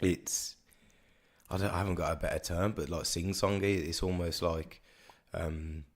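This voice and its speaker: A man with a Birmingham accent chats on a podcast in a low voice. He rambles and repeats himself while he works out what he means. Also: steady tone, measured pace. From Birmingham, England. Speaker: podcast co-host. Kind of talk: casual chat.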